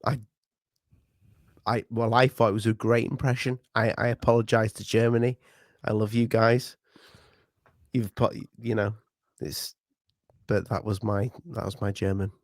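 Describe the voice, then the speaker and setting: A man's voice: fairly low pitch, level tone, measured pace, long pauses, no room sound, clean studio sound. A man co-hosting a casual conspiracy podcast, blunt and profane, often cutting in. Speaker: podcast co-host.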